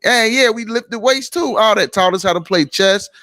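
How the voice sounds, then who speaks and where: Guy podcasting, kinda high voice, rambles and repeats stuff, middle-aged. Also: normal speed, bright, forceful tone, dry recording, clean studio sound. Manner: rambling, repeats himself, loose and conversational. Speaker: podcast host. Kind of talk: casual storytelling chat.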